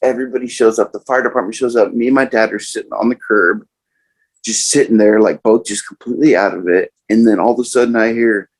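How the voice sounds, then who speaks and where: Husky low-voiced man telling a wild story. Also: fast talker, poor audio. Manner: profane, animated, quotes others in raised voices. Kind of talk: casual storytelling.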